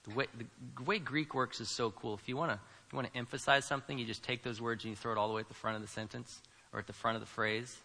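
A man preaching a sermon as a pastor, swinging between quiet asides and loud, emphatic lines. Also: medium pitch, fairly even intonation, fast. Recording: preached in a room with long reverb.

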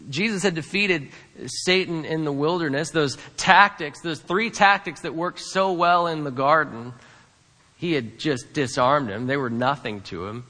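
A man's voice: a little high, a little slow, pushed and bright. Emphatic male pastor in a reverberant hall. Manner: earnest, emphatic, repeats key lines. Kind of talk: sermon. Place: church sanctuary.

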